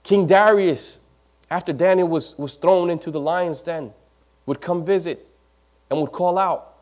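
A man delivering a sermon in a notably high voice. He swings between loud, emphatic peaks and hushed, near-whispered lines. He repeats phrases to drive them home and now and then stumbles over his words. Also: a little slow. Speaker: preacher.

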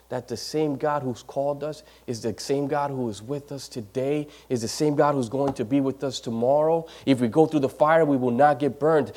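A man preaching a sermon, building to loud emphatic peaks and dropping to near whispers, repeating phrases as he goes. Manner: swells loud and high for emphasis, then drops to near whispers; repeats phrases, occasional stumbles.

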